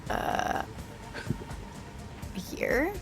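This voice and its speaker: A woman's voice: extremely slow, music in the background. Giggly woman playing a tabletop game. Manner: giggly, chatty, thinks aloud with fillers. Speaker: player. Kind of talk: tabletop game play, casual.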